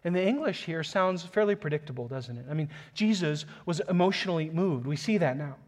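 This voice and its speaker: Pastor, male, slightly high voice, earnest sermon delivery that swells into passionate emphasis. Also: expressive, fairly quick. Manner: reads scripture aloud, chuckles softly.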